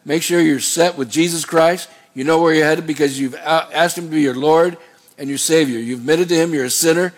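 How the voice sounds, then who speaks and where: A man's voice: a little high, fairly even intonation, brisk. A middle-aged man preaching a sermon as a pastor, in a conversational way with rambling asides.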